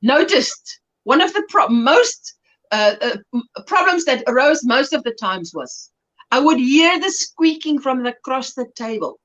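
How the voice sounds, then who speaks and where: A South African woman chats playfully and giggles as she hosts a crochet livestream and reads out viewer comments. Her voice is high, bright and very lively. The audio sounds slightly muffled. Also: unhurried. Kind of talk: casual chat reading viewer comments.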